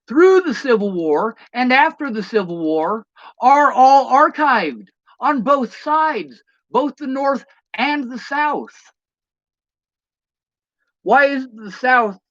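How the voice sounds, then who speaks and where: A man's voice: extremely high pitch, fairly bright tone, no echo. Guy ranting at the camera, swears a lot, asks rhetorical questions, dry muffled sound. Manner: blunt, profane, rhetorical questions. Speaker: vlogger.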